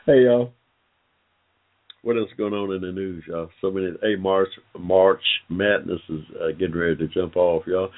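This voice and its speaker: Man, very deep voice, rambling talk-show host, thin phone-line sound. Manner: rambling, frequent "uh" fillers, addresses listeners as "y'all". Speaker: online forum host. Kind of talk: casual talk-show commentary.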